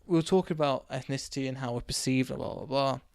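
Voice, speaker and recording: A man from England, hosting a casual solo podcast and telling a rambling story while his voice is going hoarse. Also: mid-range voice, quick pace, no echo, clean studio sound. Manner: rambling, animated anecdote with acted quotes. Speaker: podcast host.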